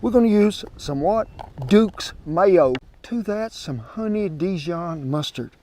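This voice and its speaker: A man's voice: sits high, animated, slow, warm tone, slight background noise. A man hosting a casual cooking demonstration outdoors, talking in a folksy, chatty drawl. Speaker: cooking show host. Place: outdoors by a smoker grill.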